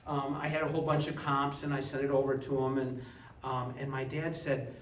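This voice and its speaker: A man telling lively anecdotes in a casual gallery talk, acting out the people in his stories. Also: normal speed. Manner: animated anecdotes, acts out voices with big pitch jumps. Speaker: art collector giving a gallery talk. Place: museum gallery. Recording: echoey gallery, distant mic, faint hiss.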